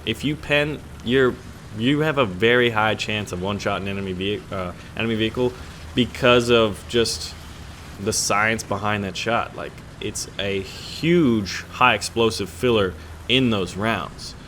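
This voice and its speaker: A man's voice: on the low side, a little slow, a bit bright, a little hiss or hum. A man hosting a gaming channel, chatting casually over his gameplay in a rambling, joking way with lots of fillers and restarts.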